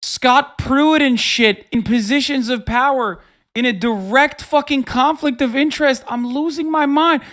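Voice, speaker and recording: A man's voice: very high voice, a little slow, fairly bright tone. A young man streaming live, commenting on a speech, incredulous and exasperated, swearing a lot. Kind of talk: casual profane live commentary.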